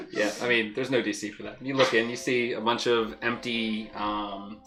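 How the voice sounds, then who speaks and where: A man's voice: mid-range voice, animated, a little slow, sharp tone. A man running a tabletop game as game master, laid-back and teasing.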